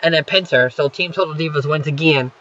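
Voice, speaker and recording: Young guy, casual swearing recapper, fillers galore; slightly high, dull home mic. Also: brisk, pushed and bright. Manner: rambling, many fillers and profanity. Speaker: wrestling show recapper.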